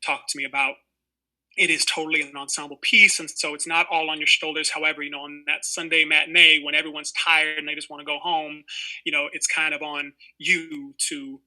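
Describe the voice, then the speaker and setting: Twenties guy on a video call interview, super bright voice, kinda high, rambling storytelling with lots of likes and you-knows. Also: little pitch movement, a little fast, low-quality recording. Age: 20s. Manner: rambling, heavy on fillers like "you know". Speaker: actor guest.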